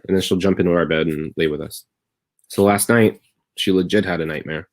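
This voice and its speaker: A comedian telling a rambling personal story on a live stream from his bedroom at home, wry at moments and tender at others. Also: sits low. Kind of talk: casual confessional monologue.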